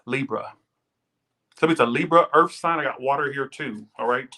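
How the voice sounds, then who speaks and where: A man's voice: medium pitch, moderate pace, sharp tone. A man giving a casual live tarot reading, rambling and chatty, swearing now and then as he thanks viewers and tells stories. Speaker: tarot reader. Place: Las Vegas.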